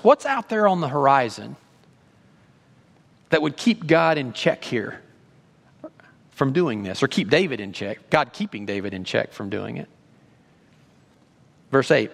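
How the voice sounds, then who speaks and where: A male pastor preaching a sermon, animated, acting out God's words with rising emphasis. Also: a little high, moderate pace. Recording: long reverb of a large hall.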